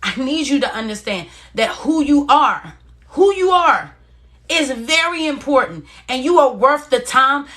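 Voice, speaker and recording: A woman's voice: sits high, animated, normal speed, few pauses. A woman hosting a motivational live stream, encouraging viewers and reading their comments in a casual, repetitive way. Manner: encouraging, talks straight to viewers, repeats phrases; casual and warm-hearted, reads out viewer comments.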